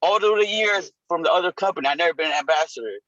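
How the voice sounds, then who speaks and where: Bright-voiced man, heartfelt, dull call line. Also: a little high, fast, no room sound. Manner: emotional, heartfelt, casual street slang. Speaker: caller. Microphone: video call.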